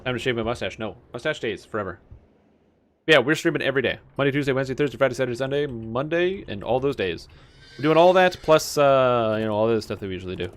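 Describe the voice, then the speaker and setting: Fast-talking young male streamer. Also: medium pitch, expressive. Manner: rambling, chatty storytelling. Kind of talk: casual chat while gaming. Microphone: webcam-streaming setup.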